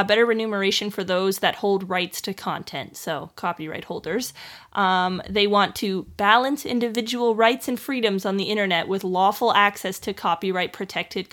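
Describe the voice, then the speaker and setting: A woman's voice: medium pitch, a bit bright. A woman co-hosting a casual podcast, chatty and full of fillers as she explains a news story she researched. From Canada. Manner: chatty, filler-heavy, laughing while explaining. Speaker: podcast co-host.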